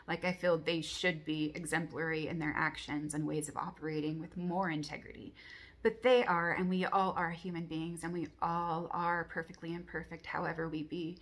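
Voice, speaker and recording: A woman's voice: deep voice, fairly bright tone. A woman recounting a dream from her journal, blunt and candid with frequent swearing, intense and reflective.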